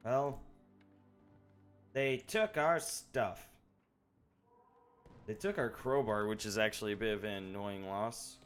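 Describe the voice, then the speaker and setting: A man streaming live gameplay, chatting loosely and thinking out loud, with some swearing. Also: lowish voice, takes it slowly, long pauses, faint music behind. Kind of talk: casual live gameplay commentary.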